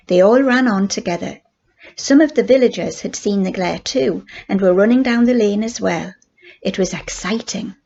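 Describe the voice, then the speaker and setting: Gravelly older woman reading a storybook. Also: medium pitch, normal speed, highs cut off. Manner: steady, plain storybook narration. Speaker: grandmother storyteller. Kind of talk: reading a children's book aloud.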